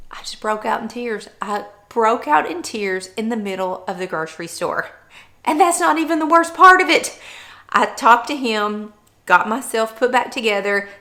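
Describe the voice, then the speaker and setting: Bright-voiced woman sharing candidly. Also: on the high side. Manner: candid, earnest storytelling. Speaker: vlogger. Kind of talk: personal vlog chat.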